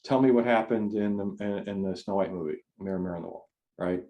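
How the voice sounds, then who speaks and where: Guy with a lowish mellow voice giving a talk on a video call, chatty, lots of restarts. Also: fast talker. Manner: conversational, rambling with frequent restarts. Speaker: speaker. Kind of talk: online forum talk.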